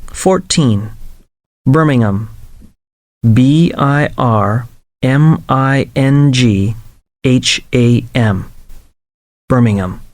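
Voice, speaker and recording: Slow, dry-voiced man reading a listening drill. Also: medium pitch, darkish tone, dry recording. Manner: slow, carefully spelled-out dictation. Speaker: lesson narrator. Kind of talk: scripted listening exercise reading.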